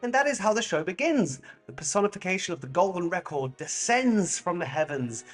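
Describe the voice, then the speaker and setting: A French-born man with a British accent hosting a comic monologue, animated and jokey with sudden pitch jumps. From France. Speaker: comedian host.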